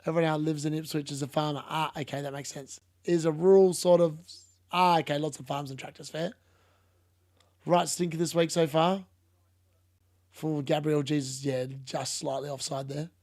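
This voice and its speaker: A man's voice: a little high, little pitch movement, moderate pace, a little mellow, dry recording, clean studio sound. A young man streaming a live football watchalong, chatting casually, laughing and reading out chat. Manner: casual, chatty, laughs often, uses "mate".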